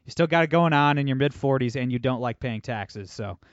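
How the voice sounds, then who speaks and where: A man's voice: mid-range voice, brisk, no echo. Guy on a podcast being sarcastic, rambly, super dry muffled sound. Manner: sardonic, rambling with lots of fillers. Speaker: podcast guest. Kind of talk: casual chat. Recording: dry, dull lo-fi audio.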